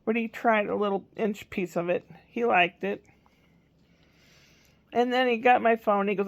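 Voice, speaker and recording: A woman's voice: mid-range voice, unhurried, creaky, pauses often, dull audio. An older woman telling a rambling everyday story about her grandson in a casual vlog. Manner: chatty, rambling, quotes a small child in a raised voice. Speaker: grandmother vlogger.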